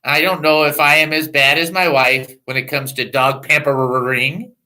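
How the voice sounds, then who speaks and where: A man's voice: a little high, normal speed, low-quality recording. A man hosting a Christian call-in radio talk show, joking and laughing as he talks from a studio microphone. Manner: animated, laughing, joking asides.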